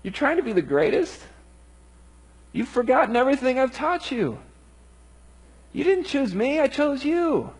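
A man's voice: very high-pitched, very animated, measured pace, pauses often, slightly rough, pitched above the performer's own voice, full character voice. A man voicing Jesus as a patient but frustrated teacher, pleading with his disciples through rhetorical questions.

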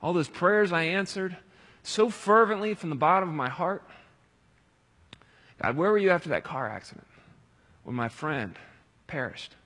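Husky-voiced man preaching in a reverberant hall. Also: fairly high pitch, lively intonation, moderate pace, pauses often. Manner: swings from loud pleading cries to quiet reflective reading. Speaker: pastor. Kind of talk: sermon.

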